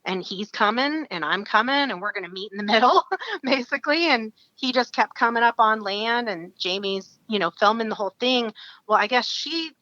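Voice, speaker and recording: A woman from Alaska recounts a wild hunting story as a podcast guest. Her bright voice jumps around as she acts out the others' lines and breaks into laughter. The sound is dry and a little muffled. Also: on the high side, normal speed, no echo. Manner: animated, acts out quoted voices, laughs often. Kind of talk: storytelling in casual interview.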